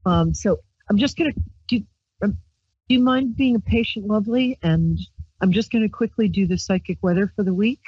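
A woman's voice: medium pitch, normal speed, breathy edge, dry recording. A woman from Brooklyn, hosting a psychic call-in radio show in a rambling, playful way and reading tarot cards on a handheld mic. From Brooklyn, New York. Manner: rambling, chatty, playful with squealed exclamations. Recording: dull lo-fi dry stream audio.

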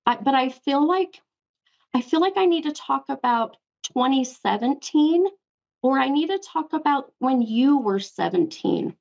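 A woman's voice: high voice, expressive, unhurried, creaky, a little mellow, muffled recording. A woman hosting a psychic call-in show, giving an affectionate spirit reading and calling the caller hun. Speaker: psychic medium show host.

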